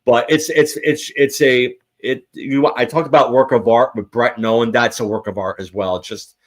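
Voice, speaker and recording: A man's voice: medium pitch, steady tone, normal speed. A man hosting a casual show, talking in a rambling way with many restarts. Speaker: host. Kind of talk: casual chat.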